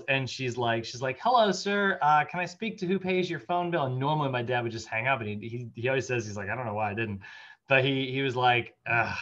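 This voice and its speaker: A man of middle pitch lectures a fitness training class in a loose, chatty way, packing his talk with fillers and asides. He laughs his way through stories. The recording is slightly muffled and lo-fi. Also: fairly bright tone. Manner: chatty, anecdotal, many fillers, laughs while telling stories. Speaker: fitness instructor.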